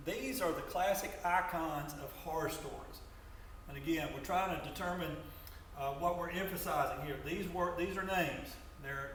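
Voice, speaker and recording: A male teacher giving a grammar lesson to students, talking in a halting way and often repeating words as he explains. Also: on the high side, fairly bright tone. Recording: echoey room from far off, faint noise.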